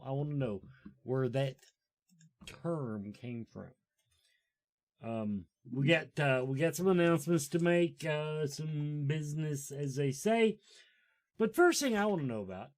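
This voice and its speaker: Guy hosting a chat show, kinda high voice, jumps all over the place, rambling and joking. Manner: joking, rambling, lively talk. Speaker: show host. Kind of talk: casual chat.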